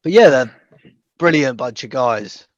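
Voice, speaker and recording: Dry-sounding podcast co-host. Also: male voice, mid-range voice, animated, normal speed, no room sound, highs cut off. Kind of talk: casual interview.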